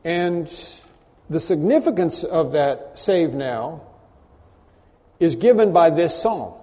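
A man preaching a conversational sermon, often clearing his throat and repeating words. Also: a little high, animated, takes it slowly, warm tone. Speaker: pastor. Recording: long hall reverb.

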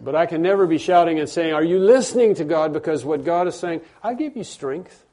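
An emphatic male pastor preaching, his voice a little higher than most men's. He drops to near-hushed asides and then rises loud, stretching out the key phrases. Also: fast talker. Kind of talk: sermon.

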